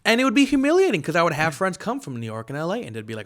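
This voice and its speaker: A man's voice: fairly high pitch, big pitch swings, racing, hardly any pauses, a bit bright. Wry American man telling stories. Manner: wry storytelling, acting out quoted voices. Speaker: comedian guest. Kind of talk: casual podcast conversation.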